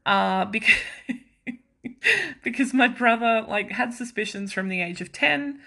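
A young woman hosting a podcast, chatting casually and mocking herself, with quick asides and frequent laughs. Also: a little high, expressive, gravelly, bright, forceful tone. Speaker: podcast host. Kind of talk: casual chat.

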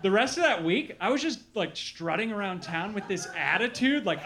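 A man from Milwaukee performing a stand-up comedy set, telling stories with animated acted-out quotes. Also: high-pitched, normal speed, hardly any pauses, crowd noise, noisy background. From Milwaukee, Wisconsin. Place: comedy club with live audience.

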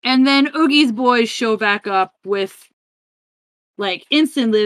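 A woman's voice: a little high, slow pace, no room sound. A woman co-hosting a podcast, recapping a film in casual chat with lots of "like" and "yep". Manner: chatty, animated retelling with filler "like" and "yep". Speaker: podcast co-host.

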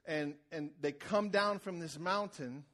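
A man preaching a sermon in a conversational way, repeating words as he starts phrases and rising to loud, shouted emphasis. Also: a little high, a little slow. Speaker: pastor.

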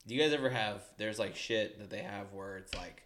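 A young man co-hosting a podcast tells rambling stories in casual chat, swearing and laughing often. His voice is lowish, fairly quick and a bit bright.

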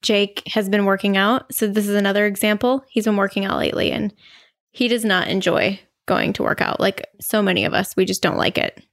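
A woman's voice: mid-range voice, lively intonation, fairly quick, a bit bright. A woman co-hosting a podcast, chatting casually and candidly, with blunt jokes and stories from home. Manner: candid, jokey, blunt about personal stories. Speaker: podcast co-host. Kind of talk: casual self-help chat.

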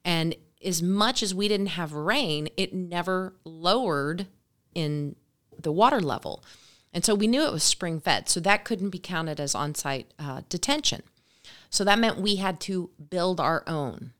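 Woman in her forties, somewhat low voice, brisk animated storyteller, podcast guest. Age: 40s. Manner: brisk, animated, acts out dialogue. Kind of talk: casual storytelling.

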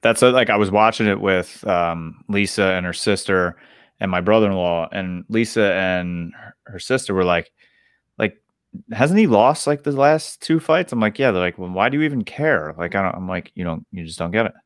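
Guy cohosting a sports podcast, fairly low voice, dry close sound, rambly and excited. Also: moderate pace, clear, resonant tone, dry recording. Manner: excitable, rambling retellings with short agreeing replies. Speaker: podcast co-host. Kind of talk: casual sports chat.

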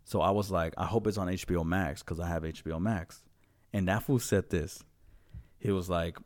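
Low-voiced male podcast host, loose and profane, quick to laugh. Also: a little mellow. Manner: profane, rambling, laughs often. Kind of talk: casual chat.

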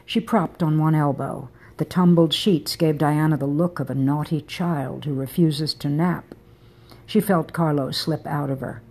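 A woman narrating a romance novel in a soft, intimate reading style. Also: low voice, fairly even intonation, measured pace, creaky, husky. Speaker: audiobook narrator.

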